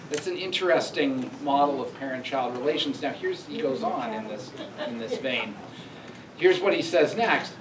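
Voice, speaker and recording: A man's voice: medium pitch, normal speed, slight background noise. A man giving a conversational university lecture, thinking aloud and reading quoted lines with emphasis. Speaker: professor giving a public lecture. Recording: echoey hall recorded from far off.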